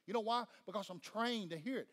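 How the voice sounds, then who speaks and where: A man's voice: sits high, quick pace. A man with a Southern US accent preaching a sermon fervently, pressing the congregation with questions. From Tennessee. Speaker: pastor. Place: church sanctuary. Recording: long church-hall reverb.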